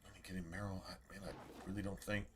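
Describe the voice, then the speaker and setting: A man's voice: low voice, level tone, fast, a bit bright, a little hiss or hum. A man streaming a game and chatting casually to his viewers, rambling and swearing freely. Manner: rambling, profane, talks straight to chat. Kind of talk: casual livestream chat.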